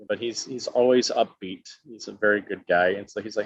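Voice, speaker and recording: A middle-aged actor from Alabama, USA, tells stories in a casual interview, animatedly acting out the people he quotes in many voices. He speaks on the low side, a little fast with few pauses, and sounds slightly rough. The lo-fi recording is dull and dry.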